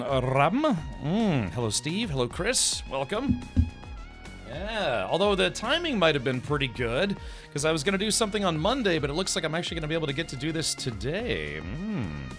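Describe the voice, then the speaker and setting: A man's voice: on the high side, a bit bright. A man live-streaming a video game, chatting casually with his viewers, rambling with many fillers and restarts. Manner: rambling, chatty, greets chat by name, frequent fillers.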